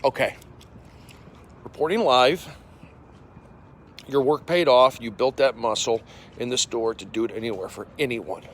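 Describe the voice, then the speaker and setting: A man in his forties, a comedian livestreaming from his phone while walking outdoors. He speaks in casual chat, reads viewer comments aloud, and coughs and clears an irritated throat. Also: mid-range voice, a little slow, pauses often, slight background noise. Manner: animated, jumping from loud bursts to mumbled asides.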